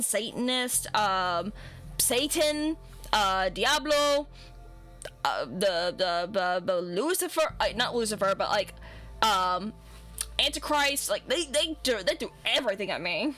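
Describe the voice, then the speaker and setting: A woman's voice: sits high, fairly bright tone. A young woman chatting casually as a streamer, rambling and swearing with lots of restarts. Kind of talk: casual chat while rigging a model.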